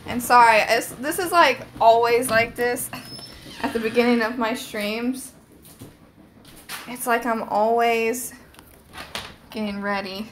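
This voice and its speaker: A woman's voice: a little high, slow pace, long pauses, slight background noise. A young woman hosting a casual live stream from home on her phone, rambling and chatty with lots of "like" fillers.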